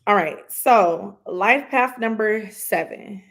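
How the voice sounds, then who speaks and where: A woman's voice: medium pitch, takes it slowly, a bit bright. A woman doing a live intuitive reading, giving earnest, direct advice with many asides. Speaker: psychic reader.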